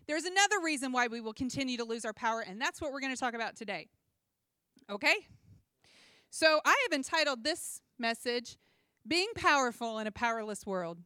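A young adult woman preaching a sermon in a chatty, animated way, full of personal asides and humor. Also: fairly high pitch, fairly quick, clear, resonant tone, no room sound, clean studio sound. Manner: conversational and animated, with asides and self-deprecating humor.

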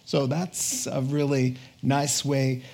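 A man preaching, retelling scripture stories in a casual, animated way with quick asides to the listeners. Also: mid-range voice, vocal fry. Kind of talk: sermon storytelling.

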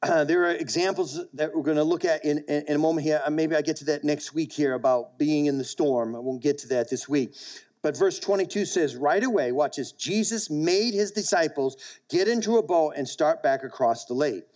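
A male pastor preaching a sermon to a congregation. He swings between raised, emphatic lines and quiet low asides, often calls out to the room for a response, and chuckles between points. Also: a little fast.

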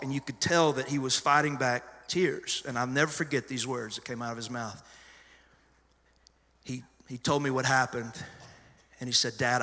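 A middle-aged pastor preaching a sermon, telling stories conversationally with sudden loud emphasis. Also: male voice, medium pitch. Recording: long hall reverb.

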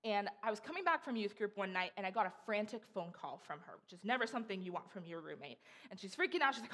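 A woman's voice: medium pitch, expressive, fast talker, a bit bright. A young woman giving a casual, chatty sermon, acting out voices as she tells stories. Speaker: preacher.

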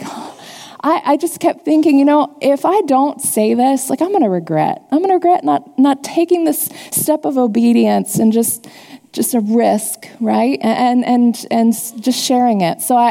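Gravelly-voiced woman preaching in a reverberant hall. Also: fairly high pitch, dark tone. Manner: earnest, confessional storytelling to a congregation. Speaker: church teacher. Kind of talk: sermon with personal testimony.

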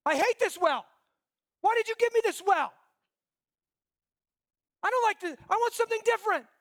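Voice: expressive, normal speed, fairly bright tone. A preacher acting out an angry, complaining male prophet in a raised, whiny voice during a sermon. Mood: whiny, indignant. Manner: complaining, petulant, pitched up. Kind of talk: sermon storytelling.

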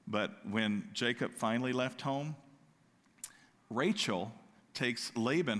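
A man preaching a sermon, animated, slipping into loud, high-pitched outbursts when he acts out what people say. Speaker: pastor. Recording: long hall reverb.

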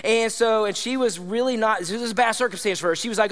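A man preaching a sermon to his congregation, energetic and conversational, often checking in with his listeners. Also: high-pitched, quick pace, few pauses, in a large hall. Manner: energetic, conversational, with tag questions like "all right?". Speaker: pastor. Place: church hall.

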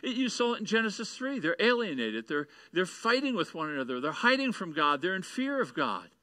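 A man's voice: sits high, bright, forceful tone, no echo, rough recording. A man preaching a sermon, reading scripture and building to taunting, emphatic peaks. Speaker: pastor.

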